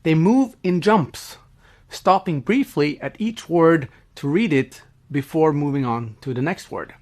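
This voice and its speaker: A man giving scripted educational narration in an even, explanatory way. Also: a little high, a little slow.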